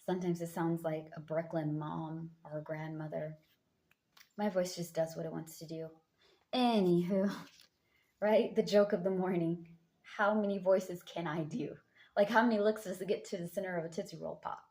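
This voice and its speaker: A young woman reading tarot cards in a casual chat, hyping up her viewers with pet names, her voice a bit deep from just waking up. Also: fairly even intonation, moderate pace, warm tone. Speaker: tarot card reader.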